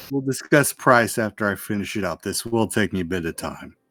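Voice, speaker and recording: A man voicing a shopkeeper in a tabletop game, bargaining briskly and calling the customer kid. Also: medium pitch, bright, forceful tone, husky, heavily acted.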